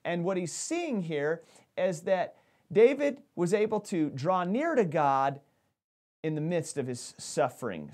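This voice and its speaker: A man's voice: high-pitched, a little mellow. A man preaching a sermon as pastor, talking animatedly and often restarting his phrases.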